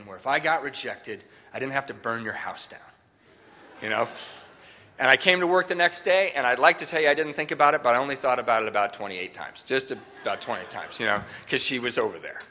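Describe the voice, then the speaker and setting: A middle-aged man telling a jokey personal story to a meeting, bursting into shouts at times. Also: fairly high pitch. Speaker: speaker sharing his recovery story. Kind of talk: storytelling talk at a recovery meeting. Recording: long hall reverb.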